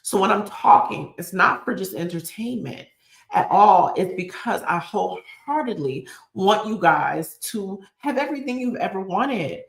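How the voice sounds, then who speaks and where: A woman's voice: mid-range voice, expressive, measured pace, gravelly. Earnest woman in an echoey room. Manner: earnest, repeats phrases for emphasis. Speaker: YouTube channel host. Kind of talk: emotional motivational live chat.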